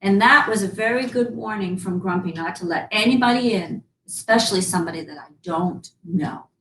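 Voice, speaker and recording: A woman in costume as a fairy-tale princess, telling a story to children in a sweet, animated way and coaxing them to join in. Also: medium pitch, fairly quick. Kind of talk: interactive storytelling in character for kids. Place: museum room. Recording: roomy, from far off, faint background noise.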